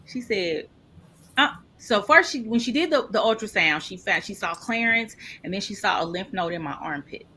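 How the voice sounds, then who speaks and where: A woman telling a personal story in an interview, lively and expressive, acting out the people she quotes. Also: moderate pace, slight background noise. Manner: animated, acts out quoted people with big pitch jumps. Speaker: podcast guest.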